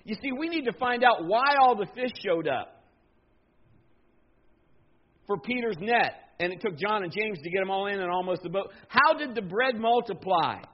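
High-voiced folksy man preaching. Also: lively intonation, moderate pace, highs cut off. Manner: conversational, folksy, asks the congregation questions. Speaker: pastor. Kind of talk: sermon.

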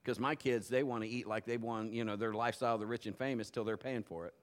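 A middle-aged male pastor preaching a sermon in a lively, conversational way, acting out little quotes. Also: fairly low pitch, fast.

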